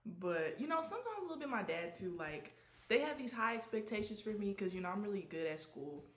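A woman's voice: medium pitch, big pitch swings, fairly quick. Earnest young woman in an echoey room. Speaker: guest. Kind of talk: casual chat.

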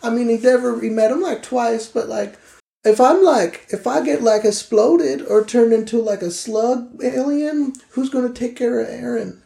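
A woman's voice: fairly high pitch, normal speed, vocal fry, dark tone, reverberant, pitched above the performer's own voice. A woman playing a flustered young government worker. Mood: worried. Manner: rambling, full of filler words.

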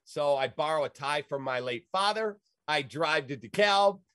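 A man's voice: a little high, normal speed, no echo, clean studio sound. A middle-aged man from the Chicago area, telling a story in casual talk and acting out the voices of the people in it. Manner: lively, acts out quoted voices.

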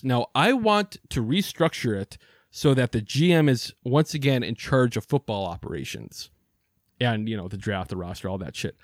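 A man's voice: medium pitch, animated, measured pace, no room sound, studio quality. A man co-hosting a sports podcast, ranting in a heated, profane way. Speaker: podcast co-host. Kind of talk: casual sports podcast chat.

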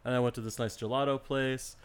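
A man's voice: mid-range voice, little pitch movement, fast talker. A man co-hosting a podcast, telling a story in casual banter, swearing often and laughing between lines. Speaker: podcast co-host.

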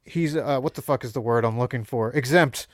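A man's voice: medium pitch, brisk, dry recording, clean studio sound. A man from the Philadelphia area co-hosting a comedy podcast, joking and often restarting his sentences. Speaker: podcast co-host. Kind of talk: casual podcast chat.

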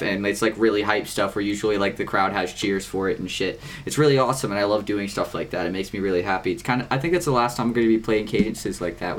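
Rambling teenage guy, low voice. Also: slight background noise. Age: teens. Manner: rambling, swears a lot, many fillers. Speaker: podcast co-host. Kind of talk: casual chat.

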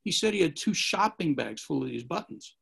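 A man's voice: a little high, lively intonation, brisk, creaky, fairly bright tone, slightly rough. A man telling rambling martial arts anecdotes in a casual chat, acting out the quotes. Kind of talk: casual storytelling.

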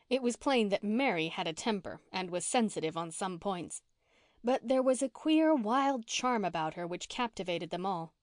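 A woman reading a classic novel aloud as an audiobook narrator, in an even, measured way. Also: medium pitch, no echo, studio quality. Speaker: audiobook reader. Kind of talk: scripted narration.

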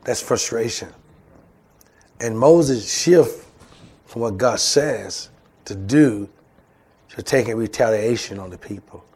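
A man's voice: medium pitch, slow, pauses often, mellow, slightly rough. A man preaching a sermon as pastor, calling out to the congregation and acting out voices. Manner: call-and-response preaching, acts out voices. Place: church.

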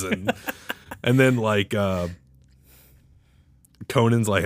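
A man's voice: lowish voice, very animated, extremely slow, creaky, pauses often, dry recording. A man co-hosting a casual podcast, rambling and laughing as he retells a comedy sketch in quoted voices. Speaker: podcast co-host. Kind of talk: casual chat.

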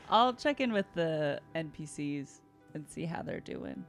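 Low, gravelly-voiced woman player. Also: big pitch swings, takes it slowly, faint music behind. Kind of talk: casual chat in a tabletop game.

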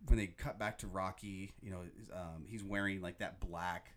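A man hosting a podcast, chatting casually and excitedly about a movie, often quoting its lines. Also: low voice, normal speed, background noise. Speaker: podcast host.

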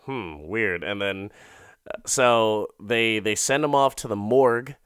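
A young man casually recapping an episode, rambling and profane, slipping into quick character voices and laughing at his own jokes. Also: on the low side, a bit bright, smooth, no room sound, studio quality.

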